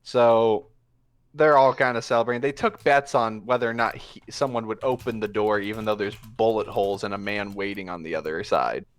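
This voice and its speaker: A man's voice: on the low side, fairly even intonation, fairly quick, no echo. A man narrating a tabletop game as game master, casual and profane with plenty of fillers.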